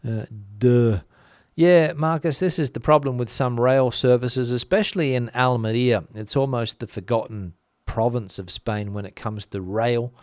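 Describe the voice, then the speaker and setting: A man from Australia hosting a vlog, answering viewer comments in a blunt, deadpan way. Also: medium pitch, moderate pace, hardly any pauses, no room sound, studio quality. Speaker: vlog host. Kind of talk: casual talk to camera, answering viewer comments.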